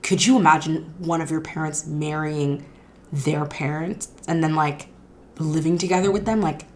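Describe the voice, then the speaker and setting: A woman co-hosting a podcast, chatting excitedly about a TV show and rambling with lots of restarts. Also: sits low, moderate pace, slight background noise. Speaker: podcast co-host. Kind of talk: casual chat about a TV show.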